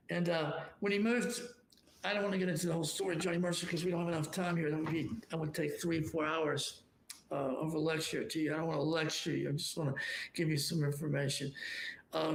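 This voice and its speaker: A man's voice: a little high, creaky. A man from Savannah, a pianist and singer chatting loosely between songs, with many fillers and restarts. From Savannah, Georgia, US. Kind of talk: casual chat between songs on a live stream. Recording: echoey room with faint music.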